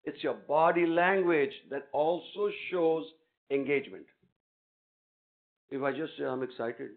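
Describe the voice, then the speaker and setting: A man's voice: on the high side, unhurried. A man giving a guest lecture in a hall, teasing and coaxing students up onto the stage. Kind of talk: interactive classroom lecture. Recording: tinny phone-like recording.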